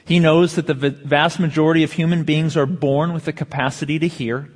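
A pastor delivering a sermon, drawing out key phrases slowly and asking the congregation rhetorical questions. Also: male voice, fairly high pitch, steady tone, long reverb tail. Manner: measured preaching with slow emphatic phrases and rhetorical questions.

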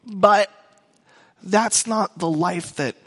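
Middle-aged man, pastor, casual rambling sermon, slightly high voice, echoing hall. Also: drawn-out words, fairly bright tone, slightly rough. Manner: conversational, rambling with restarts and asides. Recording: long hall reverb.

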